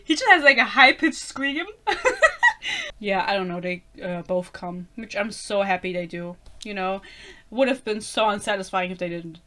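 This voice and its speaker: Reviewing a book in a casual rant, a young non-native English speaker sounds sarcastic and exasperated, swearing frequently and breaking into laughter. Her medium-pitched voice is animated, bright, and forceful, at a moderate pace.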